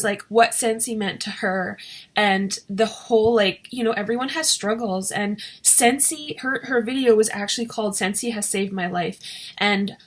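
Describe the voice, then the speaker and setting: A woman vlogging to camera in a fairly high voice, talking in a loose, rambling way full of ums and restarts. She sounds shaky and close to tears. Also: a bit bright. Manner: rambling, emotional, many fillers and restarts. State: shaky and teary. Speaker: direct sales consultant vlogger. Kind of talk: casual emotional vlog to camera.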